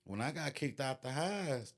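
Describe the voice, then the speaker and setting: A man in casual conversation, talking in a relaxed, conversational way and often checking in with his listener. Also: mid-range voice, moderate pace. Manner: laid-back, peppers speech with "you know what I'm saying".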